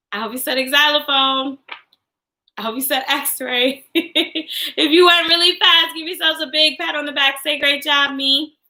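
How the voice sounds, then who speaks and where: A young woman teaching a young class online, singing and chanting phonics in a cheerful sing-song voice with drawn-out words. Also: high-pitched, pushed and bright, rough recording. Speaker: kindergarten teacher.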